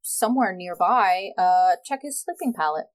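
A woman narrating a tabletop role-playing game as game master, describing scenes in a relaxed way with some fillers. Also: mid-range voice, normal speed.

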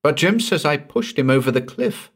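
A man's voice: medium pitch, expressive, normal speed, fairly bright tone, voice pushed up, natural voice. A man voicing a frightened young married woman who speaks in a strained, anxious voice.

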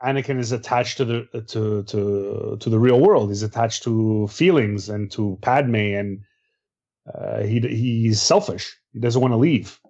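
A man's voice: fairly low pitch, measured pace, darkish tone. A man talks casually, stopping and restarting and repeating words while he thinks. His voice comes through a dull, lo-fi recording. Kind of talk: casual discussion.

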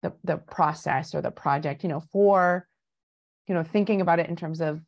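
A woman hosts a podcast interview in a lowish voice. There is a creaky fry at the edges of her words. She rambles through her questions and stacks several of them together. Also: normal speed, lo-fi sound. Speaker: podcast host. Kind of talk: casual interview talk.

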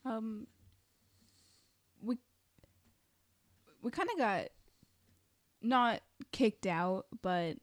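A woman's voice: on the high side, very slow, pauses often, no echo, studio quality. A woman playing a tabletop game, chatting casually and laughing easily. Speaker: player.

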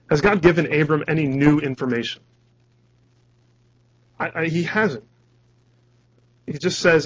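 Male pastor, earnest conversational sermon, middle pitch, muffled lo-fi recording. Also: normal speed, a bit bright. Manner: earnest, conversational, restarts words. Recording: dull lo-fi recording.

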